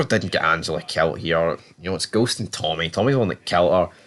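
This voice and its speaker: A man giving a casual, chatty review and recap of a TV season, swearing freely and acting out characters' lines in quick asides. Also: sits low, a bit bright. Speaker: TV show reviewer.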